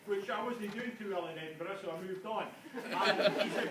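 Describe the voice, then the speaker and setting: High-ish guy joking through a conference talk, rambling, far mic, noisy room. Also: a little fast, few pauses. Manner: self-mocking, jokey, rambling. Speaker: conference speaker. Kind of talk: comic talk to a live audience. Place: conference hall. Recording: echoey hall, distant mic, noisy room.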